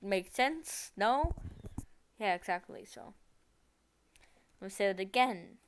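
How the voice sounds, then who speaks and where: A live streamer talks casually while coding from a room at home, her mid-range voice clean in tone, lively in intonation and slow in pace. She thinks aloud, rambling and correcting herself as she goes.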